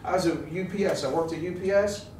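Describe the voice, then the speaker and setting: A man's voice: fairly high pitch, fast, darkish tone. A man preaching a casual, jokey sermon, telling stories and calling on his congregation to answer back. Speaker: pastor. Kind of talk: conversational sermon. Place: church sanctuary. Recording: roomy, distant mic with noise.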